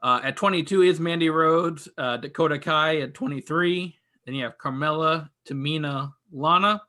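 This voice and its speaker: A man running through a recap one item at a time, filling the gaps with uhs. His voice is slightly high, with a bright, forward edge. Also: moderate pace. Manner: steady, list-like, with filler uhs. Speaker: podcast co-host. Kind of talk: recapping a match list.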